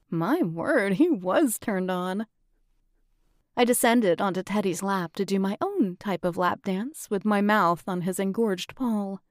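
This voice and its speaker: A woman's voice: mid-range voice, dry recording, studio quality. Woman reading a first-person audiobook. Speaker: audiobook narrator.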